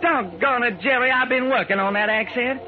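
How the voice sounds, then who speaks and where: An actor playing a blustery homicide lieutenant dressed as Santa, in 1940s radio acting style. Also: male voice, extremely high pitch, normal speed, a crowd in the background. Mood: jovial. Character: blustery male police lieutenant, fake Southern Santa. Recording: dull old radio recording with faint hiss.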